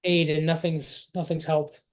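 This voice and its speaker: Male game master, a bit high-pitched, halting casual narration for a dice game. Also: level tone. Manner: halting, restarts while describing scenes.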